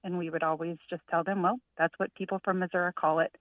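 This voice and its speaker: A woman in her forties calling in to a radio show, chatty and quick to laugh. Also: on the low side, steady tone, no room sound, recorded from a distance. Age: 40s. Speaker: caller. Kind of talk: casual chat on a call-in show. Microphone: telephone. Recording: muffled phone line.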